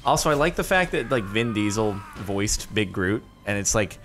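A man hosting casual gaming commentary, animated and quick to exclaim and laugh. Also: fairly low pitch, faint music behind. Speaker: host.

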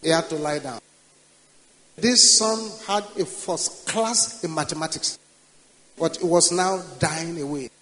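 A man's voice: fairly high pitch, unhurried, a bit bright, big-room sound, rough recording. An older man with a Nigerian accent, preaching a sermon and leading prayer with rising, commanding declarations. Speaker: pastor.

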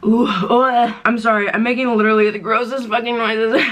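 A young woman in her dorm room hosts a casual mukbang vlog, cursing, gasping and coughing as the spicy food hurts her. Her fairly high, slightly bright voice has fairly even intonation and a moderate pace.

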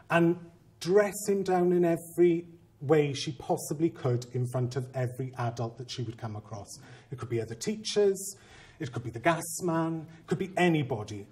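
A man who is a head teacher, giving a conference talk and telling a story with humor and animated, self-mocking asides. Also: on the high side.

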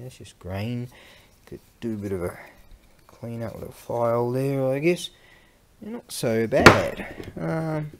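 A man's voice: medium pitch, gravelly. A man selling antiques online, casually looking over his items in a rambling, hesitant way with many fillers. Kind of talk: casual product inspection vlog. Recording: noisy recording with clicks.

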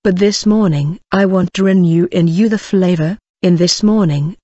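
A solemn voice reads a prophetic message aloud at a measured, declaiming pace, pitched in a middle range. The sound is muffled and lo-fi, and the room is very dry. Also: a little mellow, dry recording. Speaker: reader of a prophecy. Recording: dull, dry lo-fi recording.

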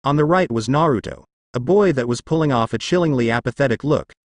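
A man's voice: medium pitch, fast, no room sound, clean studio sound. A young man reading fan fiction aloud as narrator, telling the story expressively.

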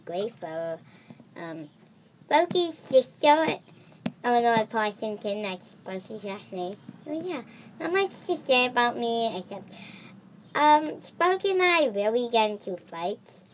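A woman voicing a sweet toy-pet girl with a soft, mild, unhurried voice. She speaks gently and slowly, with a lively lilt. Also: on the high side, a little hiss or hum.

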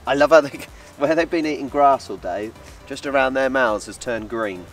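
An excitable man narrating his travel vlog outdoors, his voice set at an ordinary middle pitch. He chats and gushes in a loose, casual way, with faint music behind him. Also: moderate pace. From England. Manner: excitable, chatty, gushing. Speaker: travel vlogger. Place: outdoor wildlife park.

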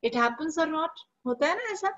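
A woman's voice: high-pitched, expressive, very fast, a bit bright. Indian English woman teacher, muffled audio. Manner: patient, explains each line, switches between English and Hindi. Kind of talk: online class explaining a literature chapter. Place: online class.

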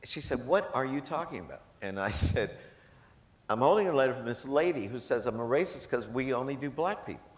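Speaking fairly quickly and with plenty of animation, a medium-pitched man appears as a gala guest and tells a live crowd humorous anecdotes, jokey and conversational, voicing the characters' own words. The setting is a large event hall, and the sound echoes.

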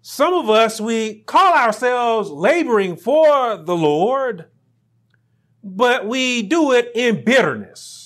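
Animated high-voiced male preacher. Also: slow pace. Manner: preaching with rising emphatic peaks and quiet asides. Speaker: pastor. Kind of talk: sermon.

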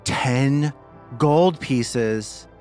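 A man's voice: very slow, darkish tone, soft background music. A man voicing a drunk, boastful human hustler in a tabletop game. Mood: drunken boasting. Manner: slurring boastful sales pitch.

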